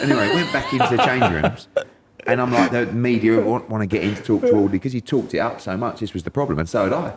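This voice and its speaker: A man's voice: on the low side, fast talker, over a noisy crowd. A middle-aged man from England, a podcast guest telling a story in casual chat and acting out quotes in raised voices.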